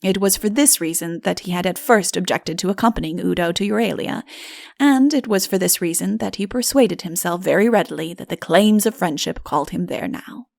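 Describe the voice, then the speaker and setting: Gravelly-voiced woman narrating a fairy tale. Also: lowish voice, brisk, no echo, clean studio sound. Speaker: audiobook narrator. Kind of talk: scripted storybook narration.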